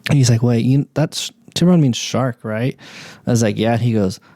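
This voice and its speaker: A man's voice: medium pitch, normal speed, a crowd in the background. A young man from Oklahoma, a podcast guest telling a loose, swear-laden story and acting out what people said. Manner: loose storytelling, swears freely, acts out quotes. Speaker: podcast guest, media company owner. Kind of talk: casual podcast chat.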